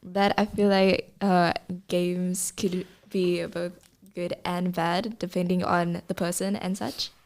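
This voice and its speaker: A woman's voice: on the low side, flat delivery, slow pace, hardly any pauses, a little mellow. A teenage girl speaking tentatively on a student podcast. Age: teens. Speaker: student guest. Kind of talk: casual group chat.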